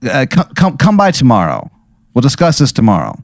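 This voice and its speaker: A man's voice: medium pitch, wildly swooping pitch, brisk, dry recording, clean studio sound. A man voicing a groggy, evasive male surgeon woken by a late-night call, stalling and dodging blame. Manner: stalling, fumbling, dodges responsibility.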